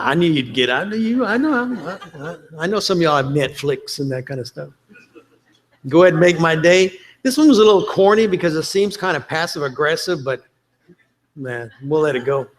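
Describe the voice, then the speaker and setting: A man's voice: on the high side, sing-song, normal speed. A man giving a chatty, joking conference presentation, quoting movie lines for laughs. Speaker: conference speaker.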